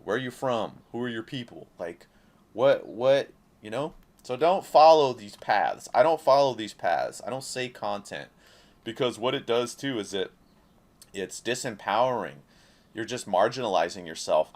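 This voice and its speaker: A man's voice: on the low side, lively intonation, normal speed. A man giving a passionate, profane, rambling monologue as an independent creator speaking to camera. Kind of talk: casual talking-head monologue.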